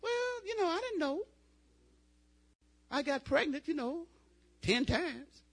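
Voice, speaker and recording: An older woman preaching a revival sermon in a folksy, testifying way that rises to loud, fervent exclamations. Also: high-pitched, very animated, takes it slowly.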